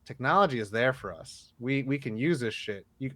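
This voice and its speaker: A man's voice: mid-range voice, lively intonation, normal speed, bright, forceful tone, dry recording. A man co-hosting a podcast in casual chat, rambling and swearing as he acts out what people said to him. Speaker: podcast co-host.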